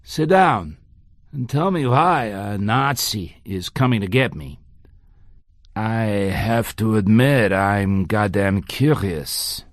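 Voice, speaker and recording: A man's voice: lowish voice, animated, takes it slowly, no room sound, clean studio sound. A man voicing a cold, ruthless older Nazi doctor who covers his German accent with American speech, clipped and menacing. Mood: false friendliness. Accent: German, masked with American. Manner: clipped, menacing, falsely friendly. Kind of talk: audiobook character voice.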